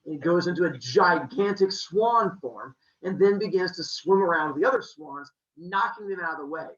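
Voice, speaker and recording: A man hosting a podcast, telling a myth in a playful, animated way with jokey asides. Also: high-pitched, normal speed. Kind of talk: comic storytelling. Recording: roomy, slightly muffled.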